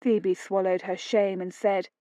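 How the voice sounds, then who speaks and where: A woman narrating a romance audiobook in a measured, even storytelling manner. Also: medium pitch, no room sound. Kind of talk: scripted narration of a romance novel. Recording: dull dry lo-fi studio read.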